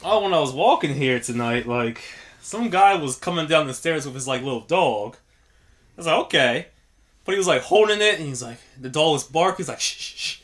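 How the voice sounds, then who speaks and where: A young man co-hosting a casual podcast, telling lively stories and acting out the people in them. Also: on the high side, brisk. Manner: animated storyteller, acts out quotes. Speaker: podcast co-host. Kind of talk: casual chat.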